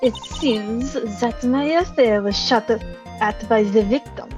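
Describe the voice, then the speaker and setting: A woman's voice: on the high side, slow pace. A woman voicing an imperious young female prosecutor with a put-on German accent, reading game lines over game music. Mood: haughty. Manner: imperious, scornful.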